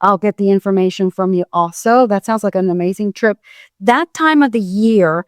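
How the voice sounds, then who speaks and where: Chatty woman podcast host, smooth voice. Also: medium pitch, no echo, studio quality. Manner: warm, chatty, halting with fillers. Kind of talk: casual interview chat.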